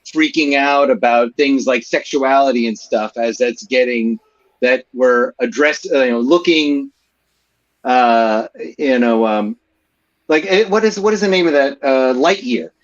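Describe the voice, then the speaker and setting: A man's voice: mid-range voice, a little slow. Man, casual podcast chat, rambling with fillers, slightly dull sound. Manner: rambling, many fillers and restarts. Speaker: podcast panelist.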